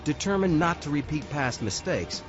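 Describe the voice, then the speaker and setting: A man's voice: a little high, big pitch swings, moderate pace. Man narrating a documentary over music. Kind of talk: scripted narration. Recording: dull lo-fi audio over music.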